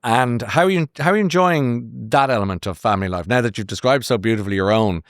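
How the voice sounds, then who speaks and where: A man's voice: medium pitch, fast, clean tone, dry recording, studio quality. A middle-aged Irish man hosting an interview, affirming his guest and often restarting his sentences. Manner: warm, affirming, stammering restarts. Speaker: host. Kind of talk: interview chat.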